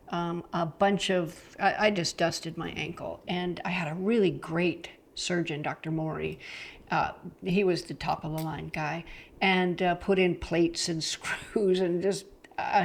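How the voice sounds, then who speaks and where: A middle-aged woman from the United States chatting casually about travel, enthusiastic and loose, with frequent fillers. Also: fairly low pitch. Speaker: travel vlogger.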